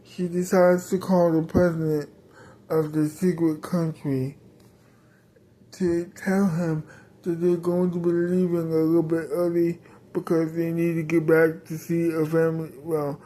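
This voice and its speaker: A woman's voice: fairly low pitch, level tone, normal speed, dark tone. A woman improvising a rambling story, with many fillers and restarts.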